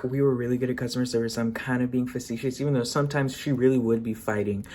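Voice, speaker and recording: A woman's voice: very deep voice, steady tone, fast talker, darkish tone, a little hiss or hum. Sarcastic, profane woman telling a story. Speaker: vlogger. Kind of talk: storytime vlog.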